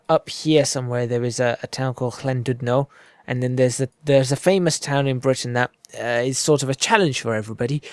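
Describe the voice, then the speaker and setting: A man's voice: medium pitch, clean tone, no echo. A man giving rambling, self-deprecating let's-play commentary into a close desk microphone. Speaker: gaming video creator. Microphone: desk microphone close to the mouth.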